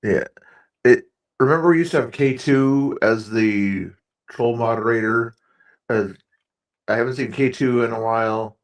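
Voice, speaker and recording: A man's voice: medium pitch, unhurried, pauses often, no room sound. A man hosting a live stream, chatting casually about politics and his viewers in a rambling way, with many fillers and chuckles.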